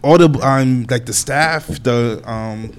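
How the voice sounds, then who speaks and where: A man's voice: mid-range voice, slow pace, clear, resonant tone. Man, DJ, casual chat, easygoing, reminiscing.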